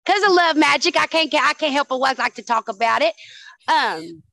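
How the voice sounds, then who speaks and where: A woman's voice: sits high, expressive, brisk, sharp tone, no room sound, rough recording. A woman guest in a casual chat, telling stories with lots of swearing and calling the listener "honey" and "dude". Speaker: podcast guest.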